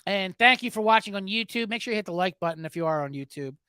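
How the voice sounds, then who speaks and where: A man's voice: high-pitched, expressive, quick pace, pushed and bright, smooth, no room sound, studio quality. A man hosting a sports betting podcast in loose, profane, rambling casual chat.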